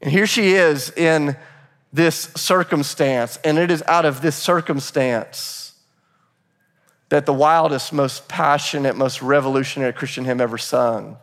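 Higher-voiced man preaching in a reverberant church. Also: unhurried. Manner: animated storytelling, briefly acting out quoted voices. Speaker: pastor. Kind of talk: sermon. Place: church sanctuary.

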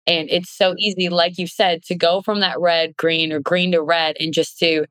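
A woman hosts a casual podcast interview, encouraging her guest and asking follow-up questions. Her voice sits somewhat low. The recording is dry, with no room sound. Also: flat delivery, moderate pace, a bit bright, no echo. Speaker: podcast host.

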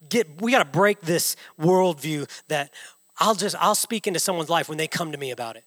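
A man's voice: sits high, moderate pace, fairly bright tone. A man in his thirties preaching a passionate sermon, full of rhetorical questions. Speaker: pastor. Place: church hall. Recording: reverberant church hall.

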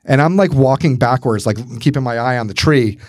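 A man co-hosting a casual podcast, telling a story with lots of swearing and acting out his own shouts. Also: mid-range voice, lively intonation, fairly quick, dry recording, clean studio sound. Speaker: podcast co-host.

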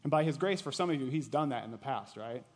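A man preaching a sermon in a conversational way, asking his listeners questions and dropping to a quiet intensity on key points. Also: mid-range voice, lively intonation, quick pace. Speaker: pastor. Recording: long reverb of a large hall.

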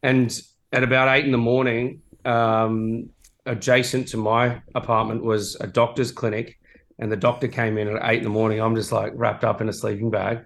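A man's voice: medium pitch, flat delivery, moderate pace, fairly bright tone. A man and former rugby player, telling a story in casual podcast chat, rambling and self-mocking with easy laughs, over a remote call.

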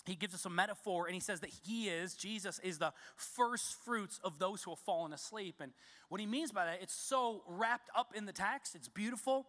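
High, bright-voiced emphatic male pastor. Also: normal speed, long reverb tail. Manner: emphatic, repeats key words for stress. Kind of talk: sermon. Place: church sanctuary.

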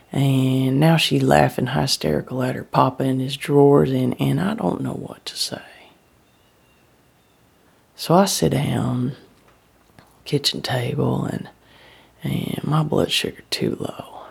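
A woman telling a first-person dramatic monologue in dialect. She often drops into breathy whispers. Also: rumbling low, a little mellow. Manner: drawling dialect storytelling, slipping into breathy whispers. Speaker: storyteller.

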